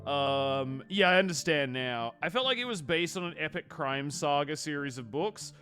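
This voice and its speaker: A man hosting a live stream and chatting casually about movies. He rambles and swears freely, with animated reactions. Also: on the high side, moderate pace, soft background music.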